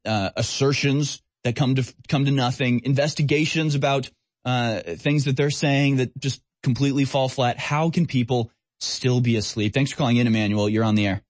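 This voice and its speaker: Close and dry with no room echo, the recording captures a man in a middle pitch hosting talk radio. His opinionated monologue drips with scorn, shifting between rapid jabs and slow, lingering sneers.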